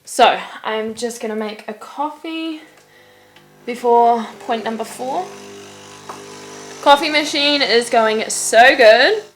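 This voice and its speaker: Speaking slowly with long pauses, this young vlogger from New Zealand talks to camera in a fairly high voice, constantly padding her chatty remarks with "like." A slight hum of background noise runs through the clip.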